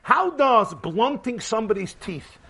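A rabbi, preaching emphatically in a repetitive cadence and mixing in Hebrew and terms. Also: male voice, high voice, very animated, unhurried, gravelly, pushed and bright, a little hiss or hum. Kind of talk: sermon with jokes.

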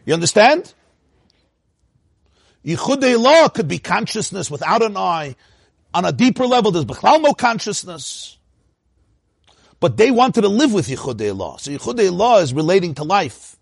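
Husky guy teaching torah, voice jumps way up and down, dry close sound, slightly high. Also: moderate pace, pauses often, dry recording. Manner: animated, laughs often, swoops up into a high voice. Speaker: rabbi teaching a class.

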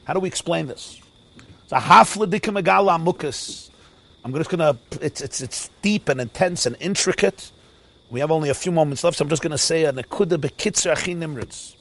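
A man giving an animated, sing-song Torah lecture. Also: fairly high pitch, fairly quick, gravelly. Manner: animated, sing-song preaching with Yiddish and Hebrew terms. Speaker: rabbi teaching a Torah class.

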